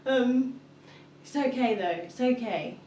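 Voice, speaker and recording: Young mum vlogger, casual chatty storyteller, recorded in an echoey room. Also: female voice, medium pitch, normal speed, a little hiss or hum. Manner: chatty storyteller, acts out her toddler's shouts. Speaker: vlogger, mother of two. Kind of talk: casual chat to camera. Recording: echoey room, mic at a distance.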